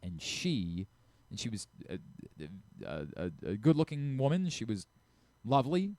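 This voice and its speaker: A radio host with a Baltimore accent, ranting animatedly in casual sports banter and laughing often. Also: male voice, mid-range voice, very animated, a little slow, mellow, dry recording. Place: radio studio.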